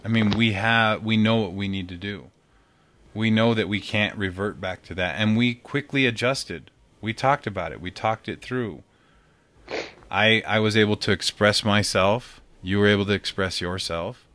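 A man co-hosting a podcast, talking earnestly in casual chat with halting restarts. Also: fairly low pitch, a bit bright, no echo.

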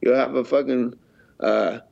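A man's voice: medium pitch, fairly even intonation, a little slow, gravelly, a little mellow. A man being interviewed as a fighter, talking bluntly and swearing a lot, often acting out things he said before. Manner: blunt, heavily profane, acts out his own past remarks. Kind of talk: casual interview talk. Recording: dull lo-fi sound.

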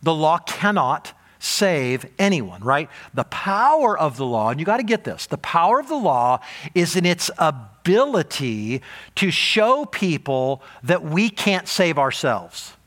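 A man preaching a sermon as pastor, animated, rising for emphasis and then dropping low and soft. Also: a little slow.

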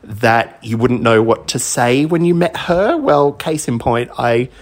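A man's voice: medium pitch, lively intonation, measured pace. A man from Australia, a DJ, telling a self-deprecating anecdote in a chatty recorded message. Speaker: DJ sending in a story.

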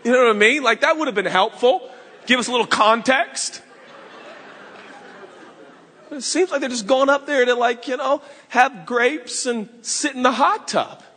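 Pastor guy preaching, jokey and animated, high bright voice, big echoey hall. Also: normal speed, some chatter behind, a little hiss or hum. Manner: animated, joking storytelling. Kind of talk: sermon.

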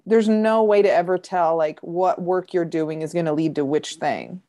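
A woman's voice: lowish voice, moderate pace, warm tone. A woman co-hosting a casual chat, asking questions and making jokes. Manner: joking interviewer.

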